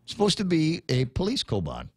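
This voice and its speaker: A male talk radio host, ranting in animated bursts. His voice swings widely in pitch. The studio sound is dry and close. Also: fairly quick, breathy edge, dry recording. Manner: animated, ranting, with many restarts. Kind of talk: casual talk radio rant.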